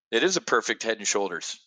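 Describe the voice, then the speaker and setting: A man's voice: lowish voice, bright, forceful tone. A middle-aged man hosting a live trading show, giving blunt, profane market commentary and answering viewers by name. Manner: addresses viewers directly by name.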